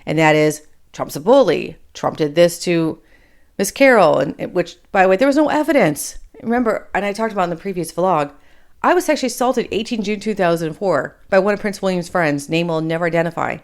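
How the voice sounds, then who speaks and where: A woman's voice: fairly low pitch, animated, quick pace. A woman in her forties or fifties from Michigan, with a trace of Appalachian in her accent, hosting a blunt, opinionated solo commentary show where she swears casually and drifts off topic. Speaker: podcast host.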